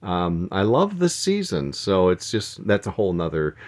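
A man's voice: low voice, wildly swooping pitch, normal speed. A middle-aged man from Minnesota hosting a devotional podcast, talking casually with frequent restarts and small laughs. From Minnesota, USA. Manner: rambling, with restarts and soft laughs. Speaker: podcast host.

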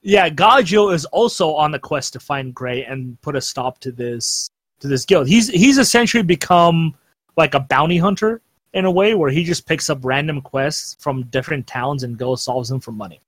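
A young man hosting a podcast chat, recapping episodes in a loose, rambling way and laughing often. His voice sits a little high for a man. The recording is close and dry with no room sound. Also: animated, normal speed, a bit bright, slightly rough, no echo. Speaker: podcast host. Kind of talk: casual anime recap chat.

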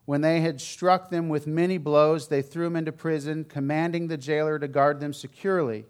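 A man delivers a sermon in a slightly raised voice. He talks like he is chatting, full of frank, honest asides. He swings from loud, pressing emphasis to quiet, low remarks. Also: steady tone, normal speed. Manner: candid, conversational storytelling with frank asides. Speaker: preacher.

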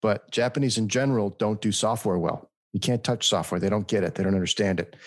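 Low-voiced chatty American man. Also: quick pace, no room sound, clean studio sound. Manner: animated storyteller, mimics voices in anecdotes. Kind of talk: casual chat.

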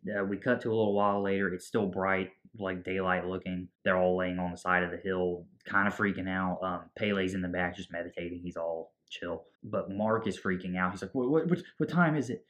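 A man's voice: low-pitched, little pitch movement, a little fast, few pauses, a bit bright. A man casually recapping a film scene by scene, acting out the characters' lines as he goes. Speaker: movie podcast co-host. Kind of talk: casual movie recap chat.

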